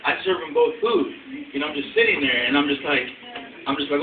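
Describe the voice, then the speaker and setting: A man's voice: on the high side, huge pitch swings, fairly quick, phone-quality sound. A young man telling a story in a casual, rambling way, filling gaps with "you know" and "I mean" and swearing freely, recorded indoors on a phone camera. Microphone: phone camera from across the room. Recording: echoey, distant, noisy phone video.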